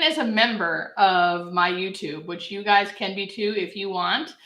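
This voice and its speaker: A woman's voice: medium pitch, measured pace, bright, forceful tone, reverberant. A woman from Southern California, a hospice nurse, chatting upbeat on a live-stream Q&A and answering viewers' questions. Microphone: camera mic.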